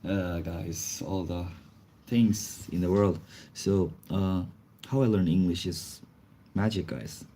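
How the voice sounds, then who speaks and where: A young man with a deep, mellow voice and a slight head cold talks casually on a livestream, answering chat in non-native English full of small grammar slips. A faint hiss sits under his voice. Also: slow. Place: indoors, face not shown.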